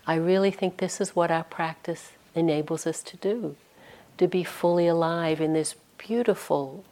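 A middle-aged woman meditation teacher giving a gentle, reflective dharma talk on retreat. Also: sits low.

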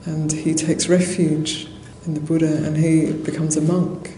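Her low female voice, flat and a little slow, carries a conversational story during a dharma talk, full of fillers and soft laughter. This Buddhist nun speaks in a monastery hall, where the recording picks up roomy echo and faint noise.

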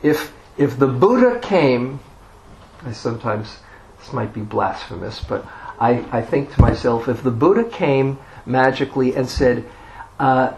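A man giving a dharma talk as a meditation teacher, telling a personal story in an unhurried way with self-deprecating humor. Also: medium pitch, lively intonation, creaky, a little mellow, a little hiss or hum, rough recording.

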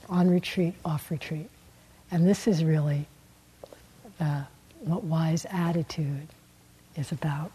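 A woman meditation teacher giving a dharma talk in a gentle, unhurried way, laughing softly and letting her endings fall quiet. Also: sits low, fairly even intonation, a little hiss or hum, rough recording. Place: meditation hall.

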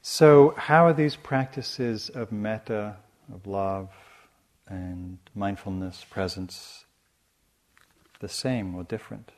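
A man giving a dharma talk as a meditation teacher, speaking softly and reflectively in a measured way. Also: fairly low pitch. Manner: soft, measured and reflective, with frequent restarts.

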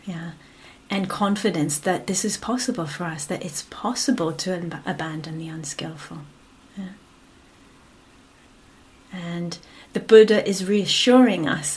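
Woman meditation teacher, lowish voice, gentle dharma talk that trails into whispers. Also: slight background noise. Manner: gentle and unhurried, often fading to a whisper; frequent affirming "yeah" between phrases.

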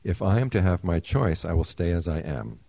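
A man's voice: low-pitched, sing-song, moderate pace, creaky, mellow, no room sound, exaggerated voice. A man voicing a small, humble human embryo in a fable, pleading earnestly and modestly.

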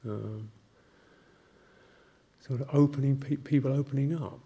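An older man, a Buddhist monk, giving a gentle, halting reflective talk with anecdotes and soft laughs. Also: medium pitch, slightly rough.

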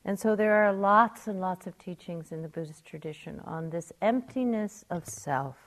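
An older woman, a meditation teacher, giving a gentle, reflective dharma talk. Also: on the low side, moderate pace.

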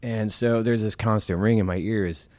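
Male participant, deep voice, halting and hesitant, dry recording. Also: fairly even intonation, a little mellow, dry recording. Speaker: class participant.

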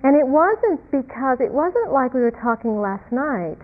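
A woman's voice: high voice, very animated. Woman teacher giving a tinny dharma talk. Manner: reflective, halting, repeats words, laughs softly. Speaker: meditation teacher. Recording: tinny phone-like lo-fi sound.

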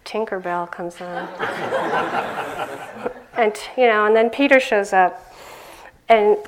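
An older woman giving a conversational dharma talk as a meditation teacher, laughing often and growing animated as she tells stories. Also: medium pitch, slow pace, a little hiss or hum.

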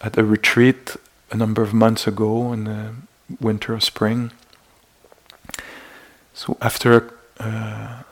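Gravelly-voiced male meditation teacher. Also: lowish voice, monotone, takes it slowly. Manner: gentle, searching, many restarts and acted-out inner exclamations. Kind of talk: dharma talk. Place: meditation retreat hall.

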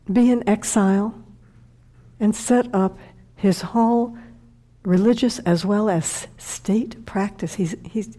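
A woman's voice: mid-range voice, mellow. A middle-aged woman, a meditation teacher, telling a heartfelt personal story in a dharma talk and sometimes dropping to a whisper.

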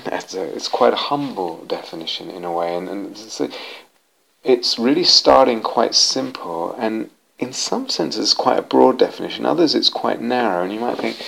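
In a retreat center meditation hall, a male meditation teacher delivers a dharma talk to retreatants, groping for words, restarting his sentences often and repeating key terms. His somewhat low voice has vocal fry, a slightly bright quality and expressive delivery at normal speed, captured with poor audio.

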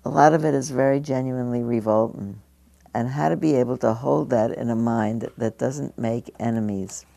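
In a meditation hall, a woman over seventy gives a dharma talk to an audience as a meditation teacher. Her voice is extremely low, gravelly and mellow, at normal speed, and her style is conversational and full of stories, with frequent chuckles.

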